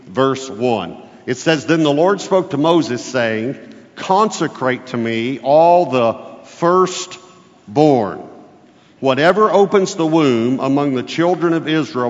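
A middle-aged man preaching a sermon as a guest speaker, folksy and emphatic, leaning hard on key words. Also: mid-range voice. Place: church. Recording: muffled, echoey church hall.

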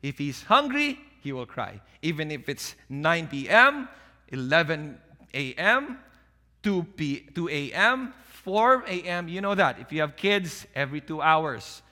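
Male preacher, sermon, high voice, bright tone, long hall reverb. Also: measured pace. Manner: animated preaching, drops to soft calm voice when quoting. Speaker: pastor.

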